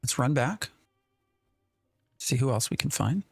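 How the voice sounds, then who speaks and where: A man's voice: medium pitch, animated, unhurried, vocal fry, husky, no echo, clean studio sound. A man streaming a game live, rambling in an exasperated way and talking to his chat. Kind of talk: live gameplay commentary.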